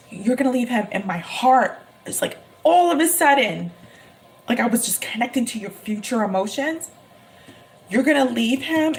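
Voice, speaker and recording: A woman giving a live-streamed tarot reading, talking emphatically and repeating her phrases with excitement. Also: on the high side, a little hiss or hum. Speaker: tarot reader.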